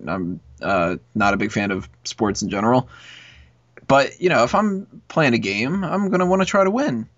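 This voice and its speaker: A man's voice: mid-range voice, fairly bright tone, no room sound. A man hosting a casual chat, telling a long school story with lots of swearing and fillers. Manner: rambling, profane, lots of fillers. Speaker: podcast host. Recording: dull lo-fi recording.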